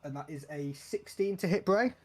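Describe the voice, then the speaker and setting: Man as tabletop game master, playful, laughs easily, slightly high voice. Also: darkish tone. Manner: playful, laughs often, quick restarts.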